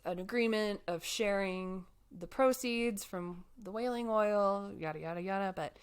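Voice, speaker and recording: A young woman tells a story to a friend in loose, casual chat, leaning on fillers as she goes. Her voice sits at a middle pitch. She sounds animated and talky. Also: a little slow, clean tone. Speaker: podcast co-host telling a life story.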